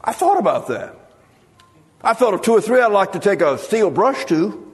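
A preacher with a high voice delivers a sermon, spinning funny stories and slipping into the voices of the people he quotes. The sound hangs in the long reverb of a large church hall. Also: very animated, normal speed, slight background noise. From United States. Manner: storytelling with humor, acting out quoted voices. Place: church sanctuary.

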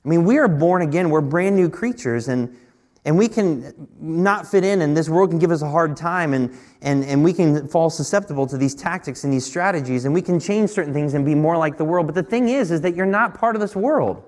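A man's voice: lively intonation, brisk, darkish tone. A man in his thirties preaching at a midweek church service, telling a personal story in a conversational way and often restarting his words. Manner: rises in pitch and force when pressing a point. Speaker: pastor. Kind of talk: sermon.

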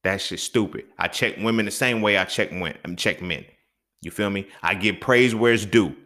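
Heated, profane young man ranting. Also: moderate pace. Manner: heated, profane, swings between loud outbursts and low mutters. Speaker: podcast host. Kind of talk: solo podcast rant.

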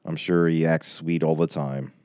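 Bible study teacher, man, forties, very deep, dry close sound, chatty and emotional. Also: steady tone, normal speed, mellow, smooth, no echo. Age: 40s. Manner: chatty, reading out viewer comments. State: tearing up. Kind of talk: casual livestream Bible study wrap-up.

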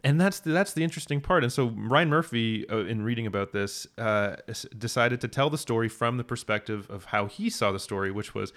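Rambling, animated man chatting casually. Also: medium pitch, a little fast, hardly any pauses. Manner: animated, rambling, frequent restarts. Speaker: podcast co-host. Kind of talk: casual chat.

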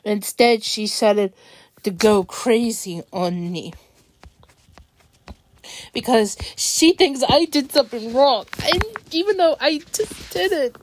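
A young woman venting in an upset, halting way, often restarting her sentences. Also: fairly high pitch. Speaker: vlogger. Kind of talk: venting monologue.

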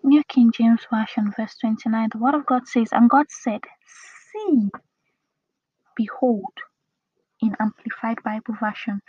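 A woman giving a devotional Bible teaching in a slow, breathy delivery that often drops to a whisper. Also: fairly high pitch, fairly even intonation, no room sound. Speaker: preacher. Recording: dull dry close recording.

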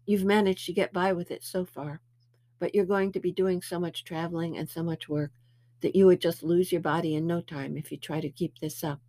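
A woman voicing a patient male spirit guide who lectures and gently scolds. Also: on the low side, steady tone, a little fast, natural voice. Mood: lecturing.

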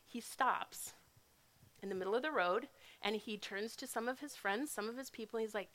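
Bright, casual woman giving a sermon. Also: on the high side, moderate pace. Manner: casual, conversational, relatable. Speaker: speaker.

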